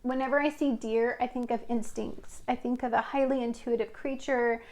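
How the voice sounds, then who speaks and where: A woman's voice: fairly high pitch, fairly even intonation, moderate pace, darkish tone. A woman giving a casual tarot reading, talking in a chatty, rambling way with fillers. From Washington state. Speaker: tarot reader.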